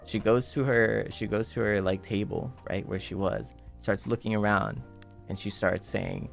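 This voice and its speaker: A man streamer telling a story in casual chat and acting out the quotes with animated delivery. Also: on the low side, normal speed, creaky, soft background music.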